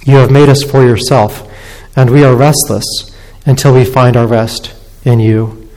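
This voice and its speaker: A male pastor giving a sermon, reading scripture and leading prayer in a measured, solemn way in a church sanctuary. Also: medium pitch, fairly even intonation, darkish tone, in a large hall, low-quality recording.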